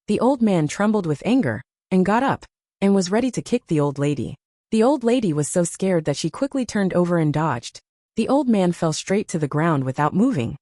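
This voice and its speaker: A woman narrating a first-person audiobook story in a steady storytelling manner. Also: lowish voice, moderate pace, dry recording, clean studio sound.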